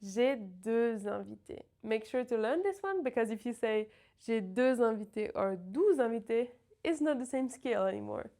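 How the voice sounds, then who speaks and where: A woman teaching pronunciation, sounding out words slowly and carefully to demonstrate each sound. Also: a little high, lively intonation, dark tone. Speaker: French teacher. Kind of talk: pronunciation lesson.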